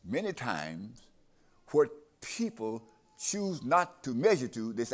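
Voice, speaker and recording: A man's voice: mid-range voice, sing-song, unhurried, long pauses, a bit bright. A man preaching a sermon, emphatic and repeating his phrases, trading lines with a scripture reader.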